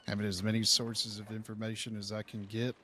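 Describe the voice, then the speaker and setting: A man in a game role-play, talking in a calm, steady, helpful way. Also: on the low side, a little fast. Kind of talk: in-character role-play chat.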